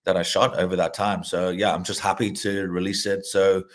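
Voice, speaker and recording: A man's voice: deep voice, level tone, moderate pace. A middle-aged man, a director and actor, chatting loosely in an interview, swearing freely, restarting sentences and laughing mid-story. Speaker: film director and actor, guest. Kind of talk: casual interview chat.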